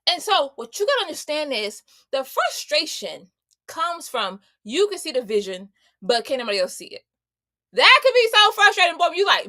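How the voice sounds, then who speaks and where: Woman host, high bright voice, punchy slangy motivational faith talk to camera. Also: sing-song, normal speed, dry recording, clean studio sound. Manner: emphatic, conversational and slangy, addressing listeners directly. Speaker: homemaker, entrepreneur and mother.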